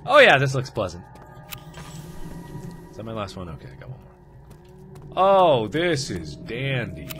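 A young man in his twenties commentating a horror game, with jumpy, loud screaming outbursts and jokey asides. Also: mid-range voice, huge pitch swings, measured pace, long pauses, faint music behind. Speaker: let's play host.

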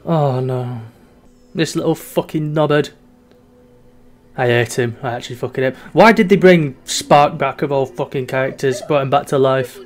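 His fairly high, steady voice runs at a normal speed. Playing a video game, this young YouTuber chats and swears his way through it, shifting from mock despair to fits of giggles.

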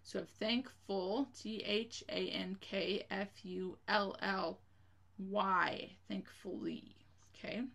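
Slow, patient woman teaching spelling. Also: medium pitch, fairly even intonation, creaky, a bit bright. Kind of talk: spelling lesson for children.

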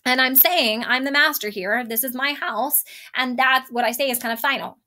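A woman's voice: high-pitched, normal speed, bright, forceful tone. A woman teacher explaining a play line by line in a casual way, with frequent ums and rephrasings.

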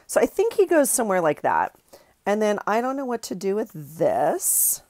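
A woman's voice: mid-range voice, wildly swooping pitch, normal speed, a little mellow. A middle-aged woman hosting a craft video, chatting in a rambling, giggly way and correcting herself as she works. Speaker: craft channel host. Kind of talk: casual chat while crafting.

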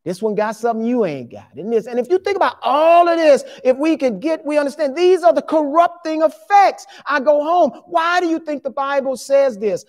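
A pastor in their fifties, preaching a sermon in an emphatic, conversational way with quick asides to the congregation. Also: high-pitched, animated, a little mellow. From Louisiana, USA. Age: 50s.

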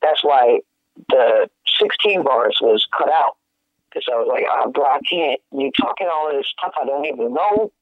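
A man, a guest musician, telling stories in casual chat, animated and slangy, laughing often. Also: medium pitch, moderate pace, dry recording. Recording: dry, tinny phone-like sound.

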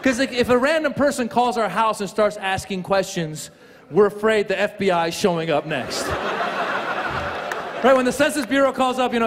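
A man performing a playful, animated stand-up comedy set on a large theater stage. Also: high voice, normal speed, background noise. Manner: playful, animated, building to punchlines. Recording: live hall with loud crowd laughter.

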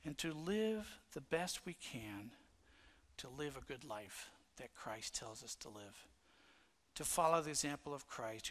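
A man's voice: on the high side, lively intonation, a little slow, fairly bright tone. Earnest male pastor preaching. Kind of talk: sermon. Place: church sanctuary.

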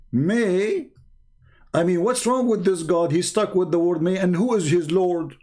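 Sarcastic, high-voiced male commentator. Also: normal speed, darkish tone. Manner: sarcastic, incredulous, broken English grammar. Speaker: host. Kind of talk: mocking religious commentary.

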